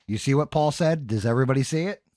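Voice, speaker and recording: Casual male stream host, profane and joking, mid-pitched voice, dry close-miked sound. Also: quick pace, a little mellow, no room sound. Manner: loose, profane banter with the live chat. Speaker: podcast host. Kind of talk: casual livestream chat.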